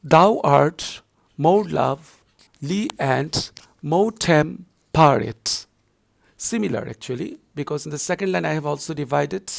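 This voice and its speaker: Gravelly-voiced male lecturer. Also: mid-range voice. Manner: deliberate, repetitive explaining, slows down to read verse lines. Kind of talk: recorded lecture.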